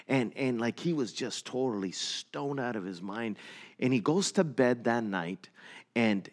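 A middle-aged man, a missionary preacher, telling a story in a sermon with slides, in an earnest way that climbs higher and louder as he gets into it. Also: animated, a little slow.

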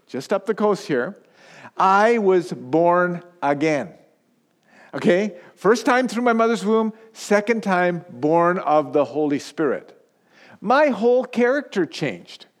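A pastor in his fifties, originally from Pakistan, preaching a sermon in a relaxed storytelling way and often checking in with his listeners. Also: sits high. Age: 50s.

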